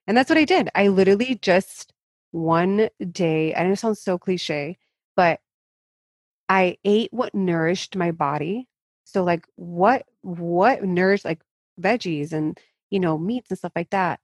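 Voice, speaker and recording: A woman's voice: fairly low pitch, no room sound. A woman who works as a fitness coach, talking candidly and emphatically as an interview guest. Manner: frank, emphatic, speaks in rushes.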